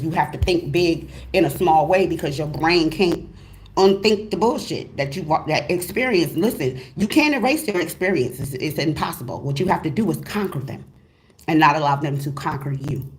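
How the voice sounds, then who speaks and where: Woman, tarot reader, lower-pitched voice, casual motivational reading, emphatic, slangy, repetitive, exclaiming. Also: moderate pace, slight background noise.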